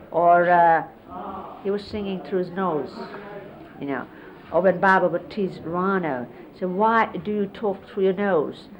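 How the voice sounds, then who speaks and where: A middle-aged woman reminiscing in a casual storytelling way and explaining hand gestures, with frequent fillers, heard on dull 1970s videotape audio with faint hiss. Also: lowish voice. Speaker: disciple recalling a spiritual teacher.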